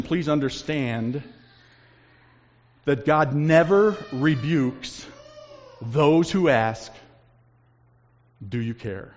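Man preaching a sermon, loud then hushed, big echoey church, kinda muffled. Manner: dramatic shifts between loud emphasis and hushed low lines. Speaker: pastor. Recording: long reverb, dull lo-fi sound.

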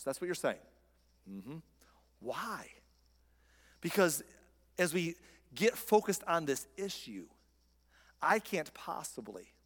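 A pastor preaching a sermon in a conversational, emphatic way, using rhetorical questions. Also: male voice, medium pitch, a bit bright. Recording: long hall reverb.

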